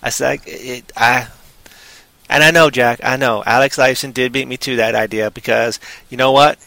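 A man co-hosting a casual podcast chat, rambling and joking, often breaking into loud silly voices. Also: mid-range voice, fairly even intonation, moderate pace, creaky, no echo, low-quality recording. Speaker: podcast co-host.

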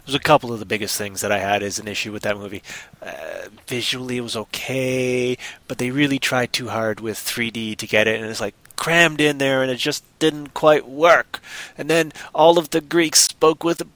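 Bright-voiced man in chatty podcast banter. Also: mid-range voice, fairly even intonation, moderate pace, no room sound. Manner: rambling, jokey, bursts of loud goofy voices. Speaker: podcast host. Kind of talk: casual chat.

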